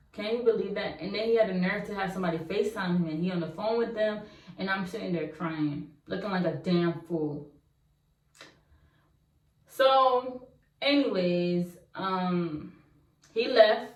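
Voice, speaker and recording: A young woman vlogger telling a personal story to her viewers in a casual, slangy, animated way. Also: mid-range voice. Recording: roomy echo, mic at a distance.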